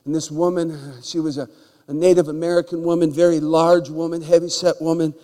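A male pastor preaching a story in a church sanctuary, his voice sitting a little high for a man. He talks in animated swings between loud bursts and soft asides and repeats words as he goes. A long hall reverb trails behind him. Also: a little fast. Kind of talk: storytelling sermon.

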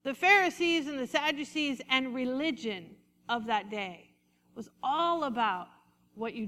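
High bright-voiced woman preaching. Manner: preaching with call-and-response, slowing for emphasis. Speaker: pastor. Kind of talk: sermon. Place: church sanctuary. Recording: reverberant hall.

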